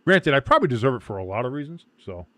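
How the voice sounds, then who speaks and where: Guy hosting a watch-along, mid-pitch voice, gets loud on big plays then mutters, swears a bit, dry sound. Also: rapid-fire, no echo. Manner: excitable, swings from loud play calls to muttered asides, swears. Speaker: watch-along stream host. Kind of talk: casual live game commentary.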